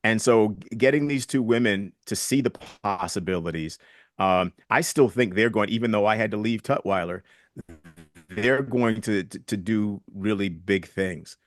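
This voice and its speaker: Earnest older man, low voice, dry sound. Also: moderate pace, no echo. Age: 60s. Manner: earnest, reflective, retells conversations. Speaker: guest. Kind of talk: conversational interview storytelling.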